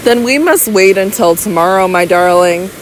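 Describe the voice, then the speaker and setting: A woman voicing an older baronet who speaks gravely and fondly to his wife. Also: mid-range voice, animated, moderate pace, slight background noise, close to an everyday voice, rough recording. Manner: grave, affectionate, bewildered. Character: older male baronet, kindly, bewildered, fond husband.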